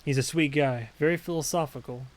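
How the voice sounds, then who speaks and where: A man's voice: fairly high pitch, brisk, close to an everyday voice. A man voicing a laid-back, friendly young male raccoon detective in a game. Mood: easygoing.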